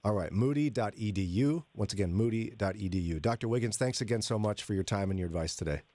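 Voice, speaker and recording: A man's voice: lowish voice, fast talker, dark tone, dry recording. A man hosting a morning radio show in a studio, chatty and joking with his co-hosts. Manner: chatty, jokey, laughs often. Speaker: radio host.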